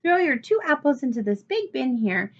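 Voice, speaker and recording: A woman's voice: sits high, big pitch swings, moderate pace, lo-fi sound, voice pushed up, heavily acted. A woman voicing a friendly male farmer who encourages children in a storybook reading. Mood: kindly. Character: friendly male farmer, older, kindly host.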